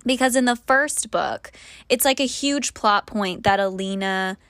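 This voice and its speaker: A woman's voice: medium pitch, measured pace, fairly bright tone, no room sound. A woman co-hosting a podcast in casual chat, playful and slangy, laughing often. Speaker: podcast co-host.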